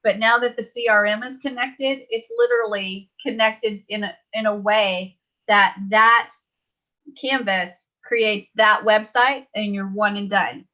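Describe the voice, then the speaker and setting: A woman's voice: medium pitch, sharp tone, lo-fi sound. A woman leading a live online webinar tutorial, chatty and upbeat, laughing easily. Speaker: webinar trainer.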